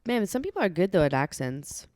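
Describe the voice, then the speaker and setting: A woman's voice: fairly low pitch, sing-song, a little fast, darkish tone, no room sound, clean studio sound. A woman with an American accent and a Bosnian home language, co-hosting a podcast in casual chat and filling her talk with "like". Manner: chatty, full of "like" fillers. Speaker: podcast co-host.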